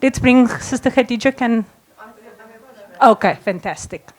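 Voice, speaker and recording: A woman's voice: on the high side, measured pace. A woman speaking at a conference panel, talking playfully and then rousing the audience to chant with her. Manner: rallying, playful, coaxing the audience. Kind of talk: energetic panel talk.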